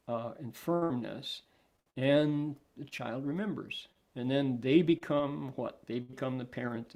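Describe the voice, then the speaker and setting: A man's voice: medium pitch, gravelly, darkish tone. A man, a Buddhist monk, gives a dharma talk on a sutra, puts questions to his listeners and acts out short exchanges. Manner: translates himself between English and Chinese; asks the audience questions.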